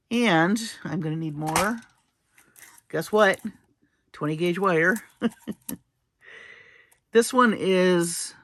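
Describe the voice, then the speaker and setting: A woman leads a casual craft demonstration on jewelry making, staying chatty and playful with little laughs as she goes step by step. Her voice is low but fairly bright in tone. The recording carries no room sound.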